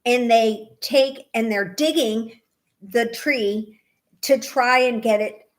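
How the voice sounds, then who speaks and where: A woman co-hosting a podcast in casual chat, telling animated, rambling stories. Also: on the high side, slow pace. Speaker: podcast co-host.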